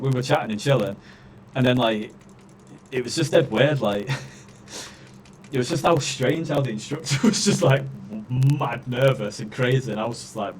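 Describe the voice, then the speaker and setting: A man's voice: mid-range voice, slight background noise. Ranting man, swearing. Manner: swears a lot, ranting with many fillers. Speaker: streamer. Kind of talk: casual chat.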